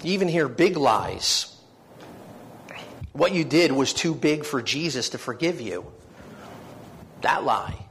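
A man's voice: a little high, expressive, takes it slowly, pauses often, fairly bright tone, a little hiss or hum. A man preaching a sermon, telling his own story in an earnest, heartfelt way that swells with feeling. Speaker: preacher giving testimony.

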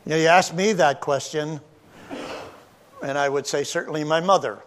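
A man's voice: fairly high pitch, normal speed, a bit bright, slight background noise. A man in his seventies, a pastor, preaching a Mother's Day sermon in a folksy, conversational storytelling way. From United States. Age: 70s.

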